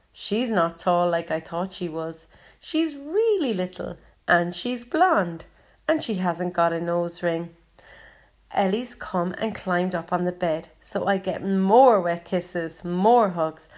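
A woman reads a children's novel aloud as its first-person boy narrator. Her pace is slow and her pitch ordinary, and she reads gently. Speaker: audiobook narrator.

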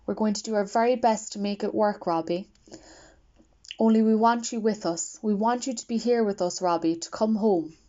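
A woman reading the part of a gentle, hopeful father in an audiobook, earnest and coaxing, on a dull lo-fi recording. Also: medium pitch, moderate pace, close to an everyday voice.

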